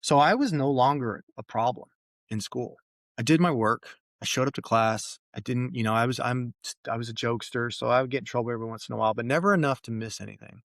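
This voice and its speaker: A man's voice: medium pitch, fast, vocal fry, dry recording, clean studio sound. A man in his forties from California, a guest coach telling candid, self-deprecating stories in a podcast interview. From Fresno, California. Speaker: mental performance coach, guest.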